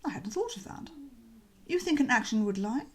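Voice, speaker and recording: A woman voicing a cheerful young gentleman, breezy and chatty, in a bouncy, slangy audiobook reading. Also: on the high side, sing-song, moderate pace.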